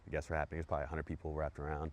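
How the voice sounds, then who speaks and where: A podcast host races through a profane, hyped storytelling monologue full of repetitions. His voice is very deep and completely flat in delivery, with slight background noise.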